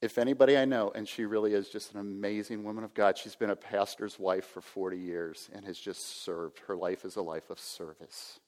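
A man's voice: lowish voice, fairly even intonation, brisk, hardly any pauses, a little mellow. A man in his sixties preaching a sermon, earnest, now and then acting out a self-important inner voice. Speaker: pastor. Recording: reverberant hall.

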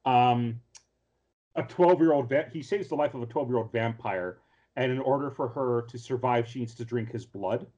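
A man in casual podcast chat, recapping anime scenes in a rambling, filler-heavy way. He slips into little acted-out lines as he tells the story, at an everyday middle pitch. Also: moderate pace, warm tone, muffled recording. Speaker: podcast co-host.

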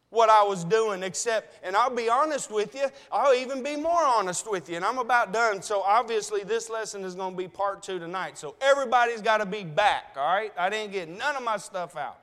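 A man's voice: sits high, fairly bright tone, long reverb tail. A man preaching a sermon, telling a personal story in an emotional, conversational way and calling the congregation brethren.

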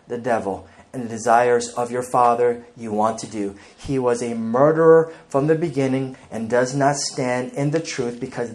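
A man's voice: medium pitch, a little mellow. Man preaching an emphatic sermon. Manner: emphatic preaching with scripture reading. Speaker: pastor.

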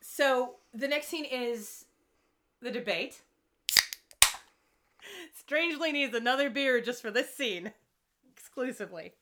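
A woman co-hosting a casual podcast, retelling a TV episode in a wry, profane, animated way. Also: a little high, slow, long pauses, noisy background. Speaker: podcast co-host recapping a TV episode. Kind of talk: casual chat.

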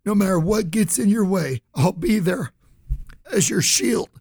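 A man hosts a talk radio show with a gravelly, husky voice and a dry studio sound. He speaks earnestly and passionately to his listeners, repeating and restarting phrases, and is close to tears. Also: high-pitched, lively intonation, measured pace, a little mellow, no room sound. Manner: earnest, impassioned, repetitive restarts. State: choked up, near tears.

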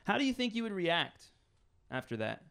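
A man's voice: sits high, big pitch swings, normal speed, vocal fry, fairly bright tone, clear, resonant tone. A man preaching a conversational sermon as pastor, building scenarios with rising intensity.

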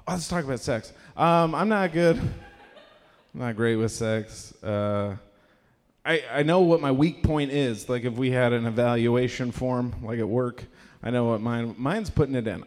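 A young man doing a stand-up comedy set in a live venue, rambling and self-deprecating, bursting into loud acted-out voices. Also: medium pitch. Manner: rambling, self-deprecating, acts out characters loudly. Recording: live room with long reverb.

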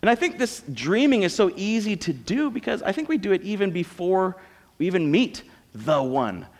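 A man's voice: sits high, sing-song, moderate pace. A man with an American accent preaching a sermon as a pastor, conversational and joking. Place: church auditorium. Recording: long reverb of a church hall.

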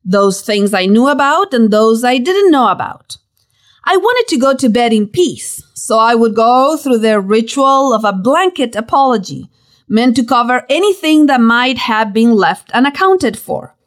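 Woman, story narration, high voice, very animated, playful emphasis. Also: measured pace. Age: young adult. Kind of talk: reading a personal story aloud.

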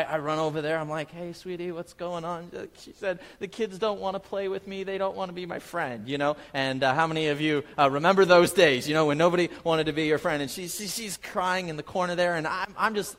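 Man, pastor, sermon, slightly high voice, storytelling, echoing hall. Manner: storytelling, building to emphatic repetition.

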